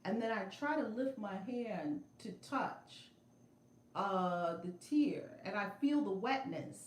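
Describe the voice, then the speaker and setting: A middle-aged woman telling a story on a casual livestream from a room at home, animated and emphatic, repeating her phrases. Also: mid-range voice, slow, echoey room. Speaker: spiritual vlogger. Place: home room with altar and shelves. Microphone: phone camera.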